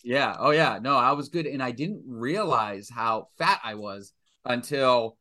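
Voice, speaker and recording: A man's voice: medium pitch, lively intonation, a little slow, bright, forceful tone. A man from Massachusetts, a filmmaker guest, chatting casually on a podcast in a rambling, profane, self-mocking way. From Stoughton, Massachusetts.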